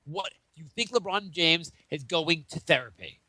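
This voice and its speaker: A man doing an overheated sports pundit, bright and sharp-toned, his voice swooping from high shock back down to grave emphasis. He stammers through sarcastic disbelief in a close, dry podcast recording. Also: animated, moderate pace, dry recording, full character voice. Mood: outraged. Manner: theatrical outrage, stammering, sarcastic. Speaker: podcast host. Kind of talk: mock sports-show rant.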